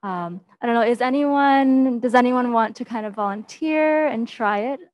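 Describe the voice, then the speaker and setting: A woman's voice: a little high, moderate pace, muffled recording. A woman teaching fellow explaining accents in an online class, with many ums and spoken examples. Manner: explanatory, with fillers and demonstrations. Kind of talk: online language lesson. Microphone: video call.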